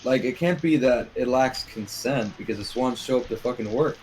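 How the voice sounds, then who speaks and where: A man's voice: medium pitch, normal speed, music in the background. A man in casual chat over a card game, arguing in a crude, joking way. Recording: noisy background.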